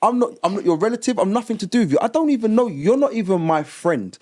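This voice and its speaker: A man's voice: sits high, fast talker. A man, co-hosting a live podcast, arguing emphatically in casual group chat. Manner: animated, emphatic, lots of repeated "no"s. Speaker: podcast co-host.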